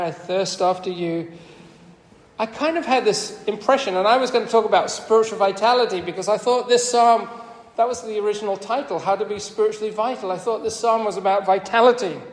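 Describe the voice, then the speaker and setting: A man preaching a sermon, his voice sitting high and lifting further when he quotes scripture. He talks in an earnest, conversational way. The recording is roomy, with a long reverb from the church hall.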